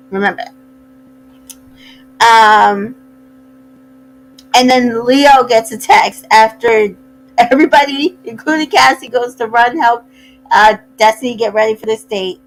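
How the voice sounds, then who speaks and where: A sassy woman chats through a recap with opinionated asides. Her voice sits a touch high, and she takes her time. She slips into quick put-on voices when quoting people. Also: rough recording. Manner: acts out cast members' lines in quick voices. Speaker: recap host. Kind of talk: casual reality TV recap.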